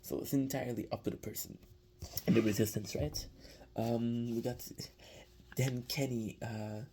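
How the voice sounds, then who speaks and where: A man's voice: mid-range voice, fairly even intonation, moderate pace, warm tone, a little hiss or hum. A young man, rambling through a casual episode recap with lots of restarts. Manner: rambling, many restarts and fillers. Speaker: show reviewer.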